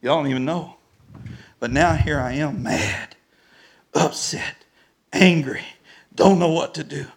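A man preaching a storytelling sermon, animated and rising to shouts at the peaks. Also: a little high, normal speed.

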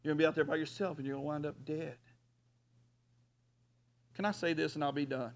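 A man preaching a folksy sermon as pastor, rising at times to loud hollers. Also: on the high side, fairly even intonation, brisk.

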